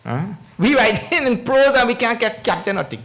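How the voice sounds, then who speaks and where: A man speaking as a swami delivers a sermon-style scripture discourse in an extremely high-pitched voice at a moderate pace. He tells stories animatedly, chuckles, and asks his audience questions like "eh?"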